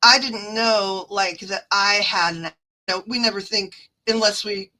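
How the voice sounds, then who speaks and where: Bright-voiced chatty Midwestern woman. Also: medium pitch, fairly even intonation, unhurried, rough recording. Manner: rambling and chatty, full of fillers and asides. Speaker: livestream card reader. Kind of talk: casual livestream chat.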